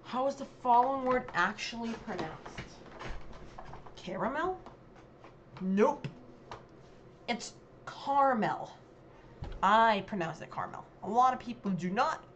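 A woman's voice: on the high side, animated, moderate pace, dull audio, slight background noise. A woman vlogger giving casual commentary on a dialect quiz, chatty and hesitant, with many ums and self-corrections.

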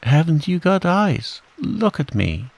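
A man putting on a squeaky, frantic little piglet. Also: big pitch swings, slow, creaky, darkish tone, exaggerated voice. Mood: exasperated. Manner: high, squeaky and indignant. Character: small anxious male piglet. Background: rain.

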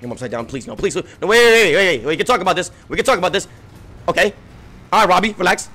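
A bright, high-voiced man streaming a chase game, his pitch swinging wildly as he yells and laughs at the players after him. He trash-talks freely and his voice is starting to wear out. Game music plays faintly behind him. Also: expressive, quick pace. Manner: frantic, yelling and laughing while playing; profane trash talk. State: voice giving out. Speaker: gaming streamer. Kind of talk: excited gameplay commentary.

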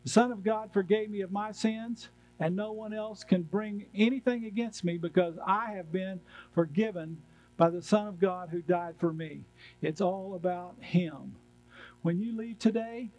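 A man's voice: high voice, moderate pace, darkish tone, poor audio. A male pastor preaching a sermon in a church, driving his points home with repeated refrains.

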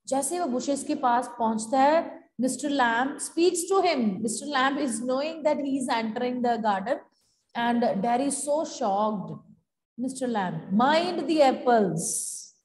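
A woman teacher from India with an Indian English accent, explaining a story to her class step by step. Her voice sits high, and she often switches into another language to make a point clear. A long reverb echoes around her. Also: a little mellow.

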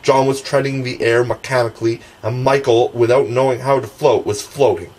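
A man's voice: medium pitch, fairly even intonation, moderate pace, darkish tone, breathy edge, poor audio. A man narrating a classic children's novel as an audiobook reader, with occasional stumbles and restarts.

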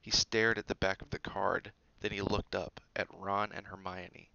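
A man with a low, gravelly voice and a bright, forceful edge reads a storybook aloud. His narration is steady and expressive. The recording is dull and dry. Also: normal speed. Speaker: audiobook reader.

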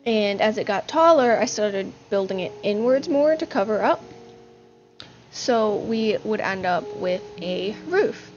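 A woman with a mid-range, expressive voice, speaking a little slowly, chats upbeat about her gaming session on her channel, using fillers and sounding slightly breathless. The recording is dull and lo-fi, with music playing behind her.

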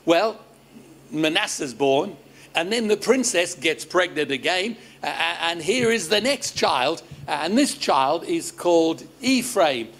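High, unhurried Australian pastor in church. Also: male voice, expressive, fairly bright tone. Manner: restarts words, jokes, quizzes the audience. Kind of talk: lively sermon to a congregation. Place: church service.

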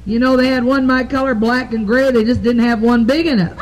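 High-voiced, foul-mouthed woman comic on stage. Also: steady tone, background noise. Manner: profane, rambling joke-teller who laughs at her own punchlines; drawn-out "I said, he said" story delivery. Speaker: stand-up comedian. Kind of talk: live bawdy stand-up storytelling. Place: nightclub stage with a live audience.

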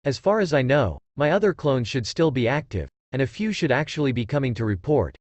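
A man's voice: mid-range voice, sing-song, fairly quick, no room sound. A man voicing a confident young ninja who talks bluntly and matter-of-factly.

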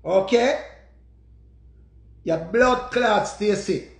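Heated Jamaican man with a gravelly high voice. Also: drawn-out words. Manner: heated, repetitive, shouting outbursts. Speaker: live stream host. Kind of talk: emotional storytelling rant. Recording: echoey room.

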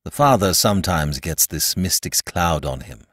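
A man voicing a worldly male companion who speaks quietly and earnestly. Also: low voice, expressive, moderate pace, dry recording, studio quality.

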